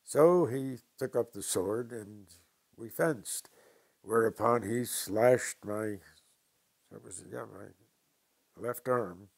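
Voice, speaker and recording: An older man from New York telling stories from his past slowly and with dry humor in an interview. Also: on the low side, vocal fry. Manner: slow, deliberate anecdotes with dry humor. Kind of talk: storytelling interview.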